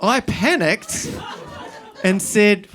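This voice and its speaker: A man's voice: high-pitched, lively intonation, very slow, some chatter behind. A middle-aged man with a New Zealand accent, doing self-deprecating stand-up storytelling on stage at a live show and acting out scenes. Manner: rambling, self-deprecating, acts out scenes, breaks into shouting. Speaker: stand-up comedian.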